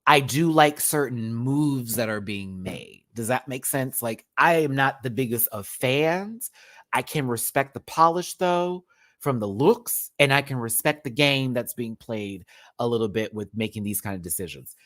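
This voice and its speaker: A man's voice: medium pitch, measured pace. A man hosting a live review stream, talking casually and sassily, swearing a lot, slipping into campy impressions and reading out viewer chat. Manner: sassy, animated, swears often, slips into campy impressions; reads out and answers viewer chat.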